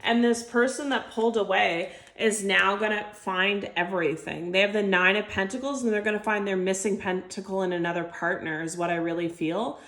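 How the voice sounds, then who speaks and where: A woman's voice: mid-range voice, fairly even intonation, a little fast, few pauses, a bit bright. A woman giving an intuitive tarot reading to camera, chatty and heartfelt, full of filler words. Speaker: tarot reader. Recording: echoey room.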